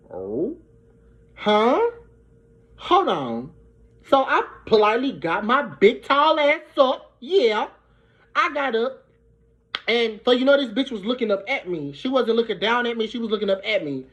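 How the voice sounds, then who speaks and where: A young woman from Brooklyn, telling a profane, animated storytime. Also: on the high side, measured pace, pauses often. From Brooklyn, New York. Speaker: vlogger. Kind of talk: storytime vlog. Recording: dull lo-fi recording.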